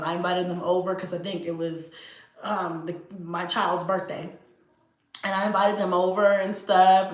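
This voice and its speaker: A woman, telling a story in casual chat, animated and profane, laughing often. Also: lowish voice. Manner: animated, profane, laughs often, acts out her own past lines loudly. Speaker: vlogger answering viewer questions. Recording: echoey room.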